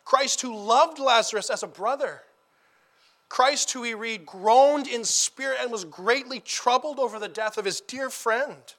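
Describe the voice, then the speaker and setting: A high, bright male voice preaching a sermon with earnest conviction. He moves between quiet, intimate storytelling and loud, emphatic declarations, repeating phrases for weight. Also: measured pace.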